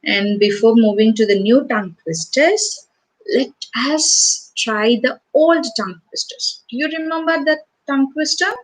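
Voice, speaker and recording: A woman's voice: high voice, unhurried, low-quality recording. A woman teaching an online class to young children, coaxing them with repeated questions. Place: home or small room, online class.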